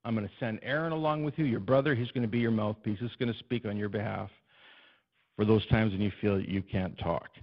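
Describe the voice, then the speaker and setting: A preacher voicing a calm, assured divine voice. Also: male voice, on the low side, brisk. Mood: reassuring. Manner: calm, matter-of-fact, reassuring. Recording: dull, muffled recording.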